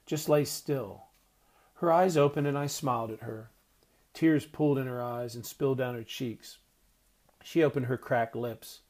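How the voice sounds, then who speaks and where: A man reading a first-person audiobook narration in a hushed, tender way. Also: mid-range voice, fairly even intonation, moderate pace.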